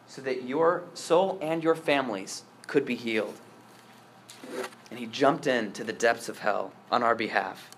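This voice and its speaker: There is slight background noise as a priest preaches a little slowly at medium pitch. His sermon is earnest and emphatic, with repeated words on restarts and swings from strong stresses to hushed asides.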